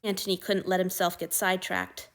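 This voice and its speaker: A woman narrating an audiobook reading of fan fiction in a steady storytelling manner. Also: fairly low pitch, fairly quick.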